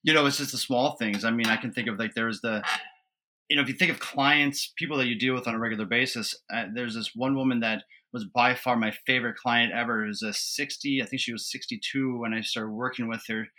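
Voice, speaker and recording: A man in his thirties tells funny family stories as a podcast guest, animated and laughing as he goes. His voice has a bright, forward edge at an average pitch. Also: fast. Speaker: guest, father and trainer. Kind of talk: casual storytelling.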